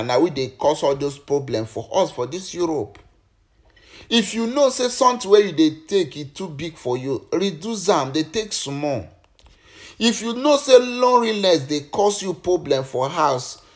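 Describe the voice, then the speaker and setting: A Nigerian man speaking Nigerian Pidgin English, giving preachy, repetitive advice in a casual monologue. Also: on the high side.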